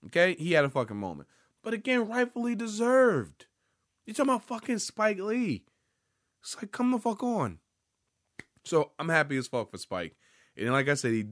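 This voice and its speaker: A man hosting a podcast, giving casual, rambling pop-culture commentary full of swearing and sudden bursts of excitement. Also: mid-range voice, no echo, clean studio sound. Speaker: podcast host.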